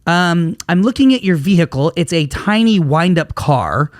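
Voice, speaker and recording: Animated male podcast storyteller, dry sound. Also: fairly high pitch, normal speed, dry recording. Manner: animated storyteller, acts out quoted exchanges. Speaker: podcast co-host. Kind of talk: casual business podcast chat.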